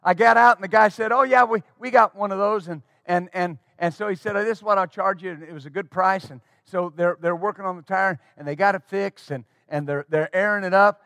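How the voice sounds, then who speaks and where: A middle-aged man pastor telling a folksy story in a sermon, animated and full of restarts. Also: high-pitched, brisk, hardly any pauses, no echo, studio quality. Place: church.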